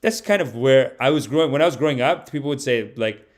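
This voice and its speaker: A man's voice: mid-range voice, animated, fast talker. Rambling man reading stream chat. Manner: rambling, many "like"s. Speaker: comedian streamer.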